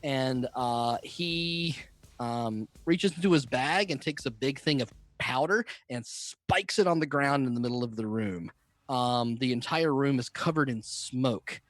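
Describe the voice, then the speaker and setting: A man's voice: medium pitch, measured pace, fairly bright tone, no room sound. A man running a tabletop game as game master, narrating the action with frequent fillers. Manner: descriptive, filler-heavy narration.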